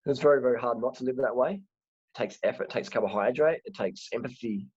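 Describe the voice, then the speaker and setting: A man's voice: mid-range voice, brisk, darkish tone, slightly rough, no room sound. A man hosting a casual chat, talking frankly and rambling with frequent restarts. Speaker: host. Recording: dry, dull lo-fi sound.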